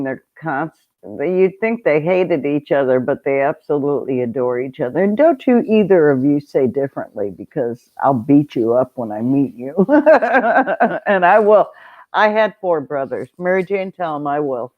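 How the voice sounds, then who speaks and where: A woman hosting a casual livestream, chatty and quick to laugh as she greets viewers. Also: sits low, lively intonation. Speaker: livestream host. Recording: tinny phone-like sound.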